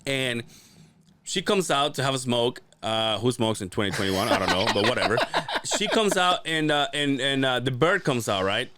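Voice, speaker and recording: A man's voice: moderate pace, slight background noise. A man co-hosting a podcast, telling stories in casual chat and swearing freely. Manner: animated storyteller, swears freely, acts out quotes in a high voice. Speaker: podcast co-host.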